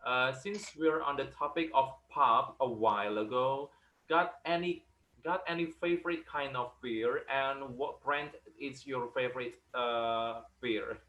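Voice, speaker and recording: A man's voice: mid-range voice, measured pace, sharp tone. A man from Indonesia hosting an online Q&A, reading out viewer questions with many fillers and restarts. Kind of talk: casual online Q&A. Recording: echoey room.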